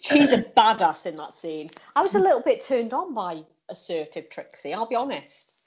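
A woman's voice: a little high, very animated, moderate pace, a little mellow, breathy edge. A woman co-hosting a casual podcast chat, playful with dry quips. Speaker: podcast co-host.

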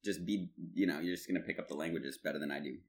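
Deep-voiced young male podcast co-host, casual, laughs a lot while telling stories. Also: rapid-fire. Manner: laughs often, animated storytelling. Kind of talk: casual chat.

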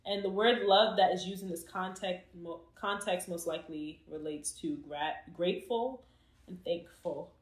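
A woman's voice: lowish voice, moderate pace. A woman hosting a casual Bible study chat, retelling the story with jokes and slang. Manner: animated, joking, retells scripture in slang. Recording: roomy echo.

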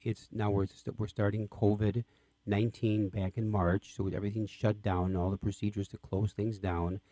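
A man's voice: fairly low pitch, level tone, normal speed, dark tone, no echo. A man hosting an interview who asks questions with enthusiasm. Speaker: host, interviewer. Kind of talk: radio interview.

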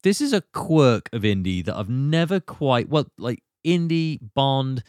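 Lively British man retelling a film. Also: mid-range voice, smooth, dry recording, clean studio sound. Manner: animated retelling, slipping into quick impressions. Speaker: podcast host. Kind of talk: casual film discussion.

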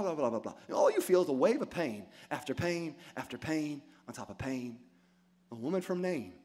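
A man preaching a sermon in a rhythmic, repeating cadence, rising from hushed storytelling to loud, fervent delivery. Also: on the high side. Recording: music playing behind the voice.

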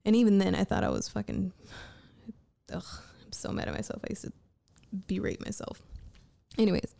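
A woman's voice: mid-range voice, gravelly, mellow. A woman talking candidly to the camera in a casual late-night ramble, swearing freely and restarting her sentences. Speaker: vlogger.

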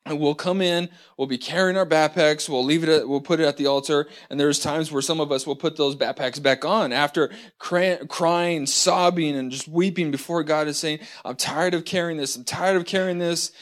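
A man teaching a church lesson from notes, talking haltingly with many fillers and restarts, and reading scripture slowly and deliberately. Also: fairly high pitch, fairly even intonation.

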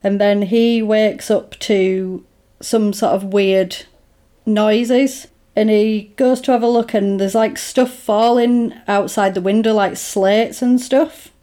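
In a relaxed conversation on a podcast, a woman co-host slowly recaps a film's plot at length. Her medium-pitched delivery is rambling and full of fillers such as "like" and "basically," and she slips into character voices for quoted lines.

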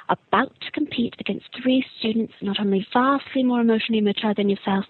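A woman voicing a cutting, probing female tabloid reporter in a crisp, mocking, deliberate way. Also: on the high side, no room sound. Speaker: listener sending an impression. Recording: tinny phone-like recording.

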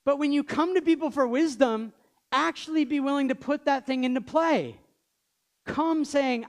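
High-voiced, animated male preacher. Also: moderate pace. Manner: animated, jokey, acts out quoted voices. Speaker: pastor. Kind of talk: sermon.

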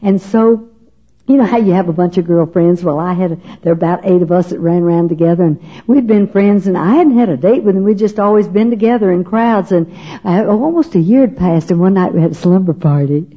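A woman's voice: on the low side, brisk, slightly rough, lo-fi sound. An older woman telling her personal faith testimony in a folksy, humorous, chatty way, acting out what others said. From Texas. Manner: humorous, chatty, emotional, acts out the voices of others. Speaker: speaker giving a personal testimony.

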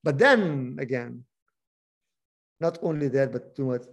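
A man reading scripture aloud and teaching on it, animated, stressing key words, often restarting his sentences. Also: mid-range voice, a little slow, creaky, highs cut off. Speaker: Bible study teacher.

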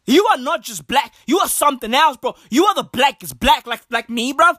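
A woman's voice: high-pitched, lively intonation, fairly quick, fairly bright tone, no room sound, studio quality. A woman from Africa delivering a comedic rant monologue, profane and emphatic, peppered with slangy asides. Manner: profane, emphatic, slangy, repeats "bruv" and "broski".

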